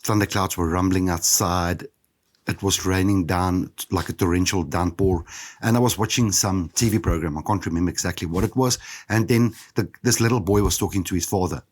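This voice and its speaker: A South African man in his fifties, hosting a podcast and telling his own story in a candid, reflective, halting way. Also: low-pitched. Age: 50s. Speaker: podcast host. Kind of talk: personal storytelling monologue.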